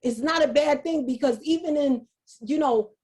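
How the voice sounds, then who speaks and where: A woman giving an earnest motivational talk over a video call, halting and repeating herself. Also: sits high, darkish tone. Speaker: speaker.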